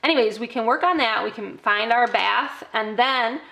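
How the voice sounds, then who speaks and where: A woman's voice: a little high, normal speed, gravelly, sharp tone. A middle-aged woman teaching parents a toddler activity, often breaking into exaggerated sing-song child-directed talk. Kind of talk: instructional demo for parents.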